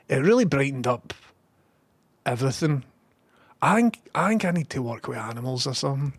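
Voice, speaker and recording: A man's voice: mid-range voice, lively intonation, a little fast, pauses often, a little hiss or hum. A man with a Scottish accent, a live streamer telling a rambling story and reading out viewer messages.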